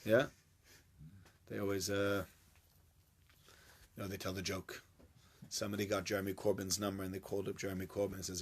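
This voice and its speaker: A man's voice: fairly low pitch, flat delivery, fairly quick, long pauses, breathy edge. A man giving an informal Torah class, chatty and joking with his listeners. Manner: chatty, jokey, banters with listeners. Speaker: Torah teacher.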